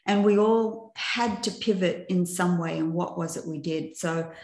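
A woman's voice: fairly low pitch, measured pace, darkish tone. An older woman and coach telling her life story in a chatty, self-mocking way, often tossing in "right?" to her listeners. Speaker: coach and presenter. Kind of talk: personal story in a masterclass talk. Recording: echoey room.

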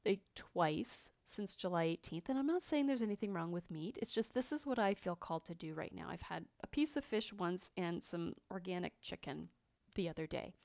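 A woman hosting a podcast, talking openly and earnestly about her feelings, with frequent pauses and fillers. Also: on the low side, vocal fry, darkish tone, no echo, studio quality. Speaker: podcast host. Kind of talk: personal reflective monologue.

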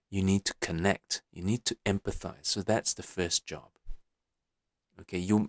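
A man's voice: on the low side, no room sound, clean studio sound. A man hosting a motivational podcast, coaching listeners, repeating his points and often checking in with "okay?". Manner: many fillers and restarts. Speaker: podcast host.

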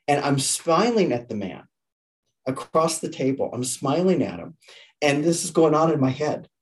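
A man's voice: medium pitch, darkish tone. A man in his fifties, a leadership coach guesting on a podcast, telling stories earnestly with frequent restarts and repeated words. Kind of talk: conversational storytelling.

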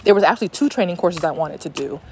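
A young woman talks through a personal story on her podcast, animated and loose, cursing and restarting her sentences as she goes. Her voice sits on the lower side. Faint outdoor noise runs behind her as she walks. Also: fast. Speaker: podcast host. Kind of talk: casual storytelling monologue. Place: walking outdoors.

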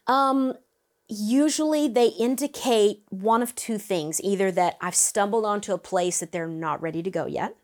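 A woman who works as a vocal coach, talking as a guest in a lively, upbeat interview and often breaking into quick vocal demonstrations. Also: mid-range voice. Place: Nashville.

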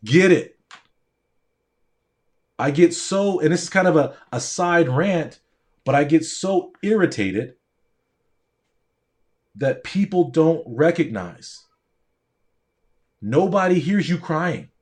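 A man's voice: a little high, lively intonation, takes it slowly, long pauses, a little mellow. A man, a doctor and pre-med coach, giving a motivational speech straight to his audience with a preaching, repetitive cadence.

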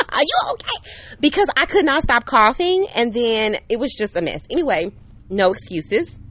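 A woman's voice: mid-range voice, fairly bright tone. A woman hosting her own podcast outdoors, chatting casually and cheerfully, often checking in with listeners. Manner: chatty and upbeat, talks to listeners directly with many "okay?" and "right?". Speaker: podcast host. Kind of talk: casual solo podcast monologue. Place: outdoors under an umbrella on a patio. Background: neighbor's air conditioner.

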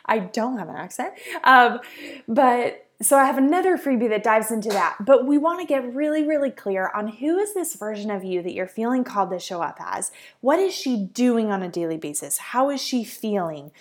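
Young woman life coach, solo podcast host, earnest and encouraging, slightly high voice. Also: expressive, moderate pace. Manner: earnest, encouraging, uses many fillers.

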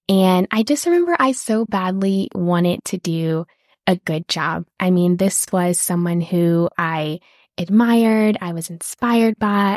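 A woman's voice: mid-range voice, a little mellow, no echo. Upbeat woman podcast host, dry close mic. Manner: upbeat, gushing, laughs often. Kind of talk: casual podcast chat.

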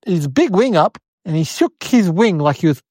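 A woman voicing an eight-year-old city boy, telling a rambling comedic story in a whiny, excitable way. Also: lowish voice, normal speed, slightly rough, dry recording. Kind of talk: comedic character monologue.

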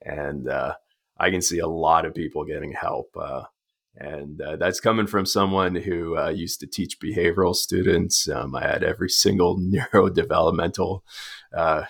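A man with a very low, gravelly voice hosts a podcast interview. He talks in a relaxed way, filling pauses with "uh" and laughing easily. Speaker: podcast host. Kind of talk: casual interview chat.

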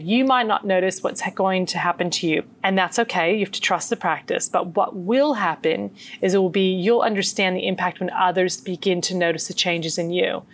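A middle-aged woman with an Australian accent, a meditation teacher telling her story as an interview guest in an earnest, animated way. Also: mid-range voice.

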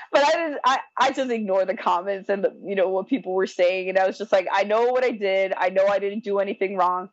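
A young adult woman telling a personal story in casual, animated talk, acting out the people she quotes. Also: medium pitch, a little fast, no echo, lo-fi sound. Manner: animated, acts out quoted voices, frequent "like". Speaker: guest telling her birth story.

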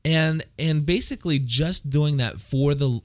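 A man's voice: fairly high pitch, measured pace. A man in casual conversation about church life, earnest and often stumbling over his words as he corrects himself. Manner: rambling, self-correcting, earnest. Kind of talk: casual faith discussion.

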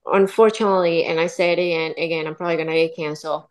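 A woman's voice: low-pitched, rapid-fire. A young adult woman from Colombia, a podcast guest, chatting casually and animatedly about dating. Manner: chatty, animated, acts out quoted voices. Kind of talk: casual interview chat.

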